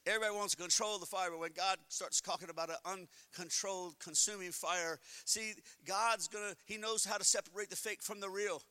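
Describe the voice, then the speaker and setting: High, bright-voiced male preacher. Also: a little fast, hardly any pauses, clean tone, dry recording. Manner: animated preaching, swings from quiet to shouting; humorous storytelling with acted-out inner voices. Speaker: pastor. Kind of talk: sermon.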